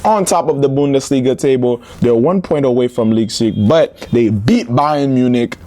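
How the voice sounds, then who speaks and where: A man's voice: medium pitch, moderate pace, warm tone. A young man hosting football news, chatty and joking, with slangy asides. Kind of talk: casual football news commentary.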